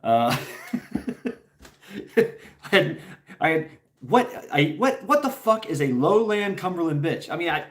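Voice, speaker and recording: A man's voice: on the high side, very animated, measured pace, long pauses. A middle-aged man from Tennessee, telling a rambling story to his stream chat, laughing often, swearing freely and restarting his sentences.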